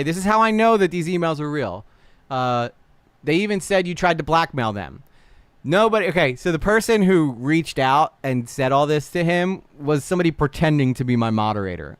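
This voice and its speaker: A man hosting a casual livestream reaction, animated and blunt, swearing freely while talking to his chat. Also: on the high side, clear, resonant tone, no room sound. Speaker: livestream host.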